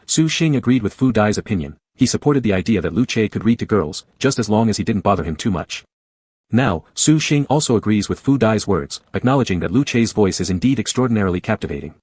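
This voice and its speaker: A man reading a romance story aloud in steady, measured scripted narration. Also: lowish voice, slightly rough, no echo. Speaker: audiobook narrator.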